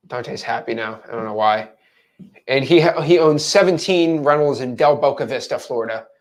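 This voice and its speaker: A man coaching viewers on real estate wholesaling in a casual teaching monologue, acting out example phone calls. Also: mid-range voice. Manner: animated, acts out scenes.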